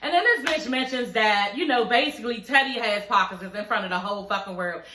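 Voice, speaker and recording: Young woman, bright voice, recapping her show in an echoey room. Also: fairly high pitch, quick pace, slight background noise. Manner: animated, acts out characters' lines while retelling. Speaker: TV episode reviewer. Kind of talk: casual recap vlog.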